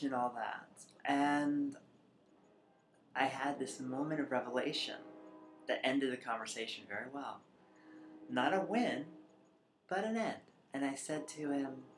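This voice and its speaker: A trans woman with a bass voice reflects in her personal vlog at a measured pace, pausing often. She rambles at times and sometimes drops to a near whisper, recorded in an echoey room with faint background noise.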